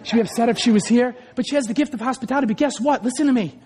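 A man preaching a sermon as pastor, loud and passionate, swinging between shouts and quieter asides. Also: very high-pitched, rapid-fire. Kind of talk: energetic sermon. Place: large hall or church. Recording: echoey hall.

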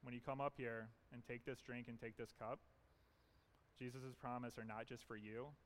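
A man's voice: medium pitch, flat delivery, moderate pace, slight background noise. A man pastor preaching an earnest, emphatic sermon in a church, leaning on repetition.

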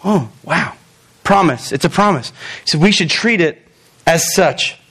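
A young man preaching with a high-pitched voice. He swings between loud, quick bursts and slow, drawn-out stretches, throws in jokes, and speaks straight to the congregation. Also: slightly rough. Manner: animated, joking asides, talks straight to the congregation. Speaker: pastor. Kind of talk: sermon.

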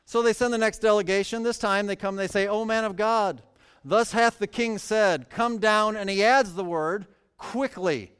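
A man preaching a sermon with a smooth, resonant voice set slightly high. He reads scripture in a formal cadence and then breaks off into wry, joking asides to his listeners. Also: normal speed, a bit bright, long reverb tail. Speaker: pastor.

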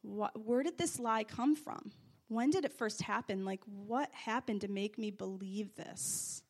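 A woman preaching a sermon, telling stories and testimony, moving from hushed confession to loud praise. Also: mid-range voice, unhurried. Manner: animated, swings from hushed confession to loud exclamations.

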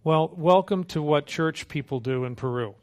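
A man preaching a sermon with a fairly high voice. He talks in an easy, humorous way and acts out little scenes as he tells them. His voice keeps lifting on the punchlines. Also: normal speed. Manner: conversational, humorous, animated storytelling with acted quotes. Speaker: missionary preacher.

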